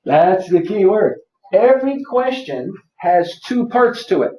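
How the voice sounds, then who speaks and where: A man's voice: high voice, sing-song, a little slow, mellow, slight background noise. A man presenting a live seminar workshop, quizzing the audience and repeating his points to drive them home. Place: office seminar room. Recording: roomy, distant, dull lo-fi.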